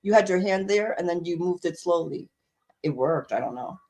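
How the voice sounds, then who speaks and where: A middle-aged woman co-hosts a chatty podcast from a video call. She rambles, stops to search for the right word and laughs easily. Her pitch moves in wide, animated swings. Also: moderate pace. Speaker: podcast co-host. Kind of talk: casual chat.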